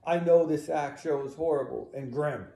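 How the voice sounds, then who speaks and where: A man voicing a tormented, proud general, speaking in heavy, deliberate lines. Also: fairly high pitch, gravelly, dark tone. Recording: roomy echo.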